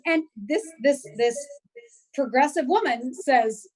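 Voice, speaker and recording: A woman guest chatting on a video call, telling stories in an animated way with many restarts and fillers. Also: sits high, brisk, poor audio. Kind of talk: casual chat.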